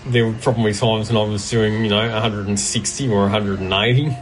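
A man's voice: on the low side, fairly even intonation, a little fast, rough recording. A man with an Australian accent chatting casually on a radio show in a plain, matter-of-fact way. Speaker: radio station staffer.

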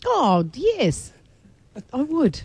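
A woman's voice: high-pitched, huge pitch swings, drawn-out words, darkish tone, no room sound. Giggly Australian woman co-host. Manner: giggly, playful. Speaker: radio co-host. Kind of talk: playful radio banter.

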